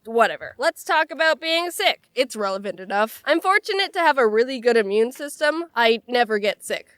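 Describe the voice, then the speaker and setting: A young woman with a stuffy, nasal voice from a cold, narrating funny stories with sarcastic, animated delivery. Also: on the high side, smooth, no echo, clean studio sound. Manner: animated, sarcastic, quick jokes. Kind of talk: comedic storytelling narration.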